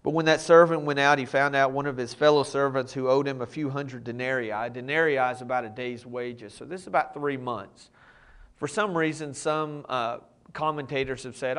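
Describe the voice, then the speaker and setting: A man's voice: medium pitch, moderate pace, a bit bright, smooth. Man, pastor, casual preaching, explains scripture. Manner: conversational, explains as he reads scripture. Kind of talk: sermon.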